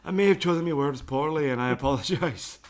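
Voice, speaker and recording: A man's voice: fairly high pitch, fast talker, slight background noise, natural voice. A man doing an impression of an apologetic older man with a put-on Scottish accent. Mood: sheepish. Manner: put-on accent, sheepish and chatty.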